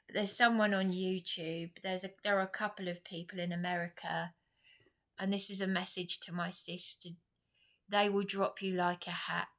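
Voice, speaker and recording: An English woman talking straight to the camera, upset and urgent, her thoughts spilling out in a rambling, impassioned way. Her voice sits low for a woman yet has a bright, forceful edge, and she pushes hard on what she wants to say. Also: little pitch movement, moderate pace. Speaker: vlogger. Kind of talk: personal vlog monologue.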